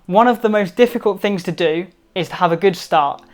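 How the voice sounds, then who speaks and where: A man's voice: high voice, brisk. Upbeat man giving presentation tips. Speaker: presentation skills vlogger. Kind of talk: upbeat instructional talk to camera.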